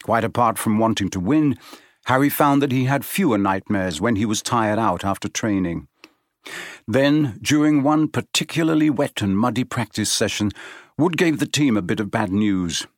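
A man narrating an audiobook in a measured, steady storytelling manner. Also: lowish voice, no room sound, clean studio sound.

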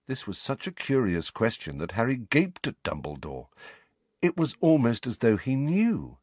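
A man narrating a story in an expressive, varied scripted reading. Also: mid-range voice, normal speed, slightly rough, no echo. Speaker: audiobook narrator.

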